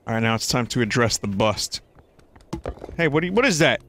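A man giving excitable, swearing let's-play commentary as a streamer, laughing and yelping up high. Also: a little fast, long pauses.

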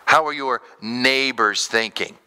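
A man in his thirties preaching a sermon as pastor, animated, acting out quoted voices. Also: medium pitch, slow pace, clean tone.

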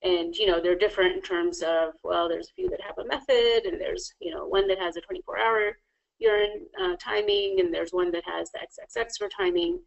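Fast-talking woman with a gravelly voice. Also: fairly low pitch, big pitch swings, dull audio. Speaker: webinar presenter. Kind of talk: live webinar tutorial.

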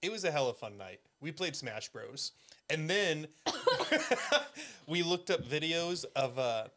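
A man's voice: a little high, big pitch swings, slow, a bit bright. A man hosting a podcast from his apartment, joking with his guest in easygoing banter. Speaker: podcast host. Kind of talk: casual podcast chat.

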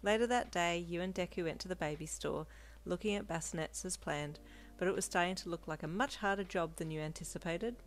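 Woman narrator for second-person fanfiction, calm and steady, lower pitch. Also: fairly quick.

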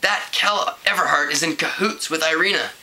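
A man's voice: sits high, sing-song, normal speed, bright, forceful tone, heavily acted, poor audio. A man doing a scheming teenage boy.

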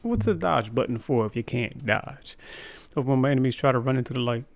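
A man's voice: medium pitch, steady tone, fast talker. A man playing a horror game and commenting casually, reacting with sudden exclamations and chatty asides. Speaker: gamer. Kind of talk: let's play commentary. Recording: game sound loud behind the voice.

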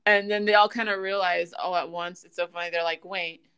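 A woman hosting a casual podcast, retelling scenes in an animated way and laughing often. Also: fairly low pitch, fairly quick, clean tone. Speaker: podcast host. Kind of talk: casual chat, recapping an anime.

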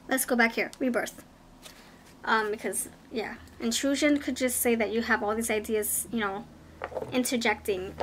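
An upbeat woman running a pick-a-card tarot reading, talking in a bright, raised voice. She is chatty and excitable, and a faint background hiss sits under her voice. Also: fairly high pitch. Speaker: tarot reader.

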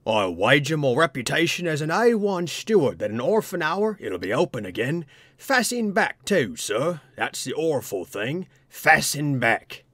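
A man's voice: fairly high pitch, very animated, moderate pace, hardly any pauses, fairly bright tone, no echo. A man voicing a fearful, obsequious male ship's steward who calls everyone sir and drops and adds h's in broken grammar. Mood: triumphant warning. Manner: obsequious, says sir constantly.

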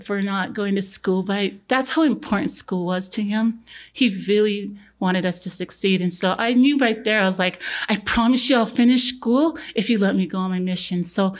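An earnest, easygoing woman in her forties tells her own story as a podcast guest. Her voice sits at a middle pitch, and she talks with relaxed fillers as she recounts her path into nursing. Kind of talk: conversational personal storytelling.

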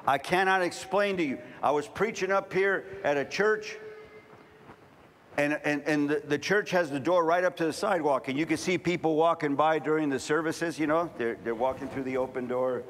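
A middle-aged man preaching a sermon, telling stories and building to fervent shouting. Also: fairly high pitch, normal speed. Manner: storytelling, rising to fervent shouting.

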